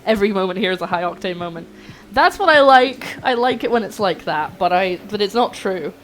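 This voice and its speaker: Excitable young woman cooking on stream. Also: medium pitch, fairly quick, a little hiss or hum, rough recording. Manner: excitable, flustered, chatty with chat. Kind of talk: casual cooking livestream chat.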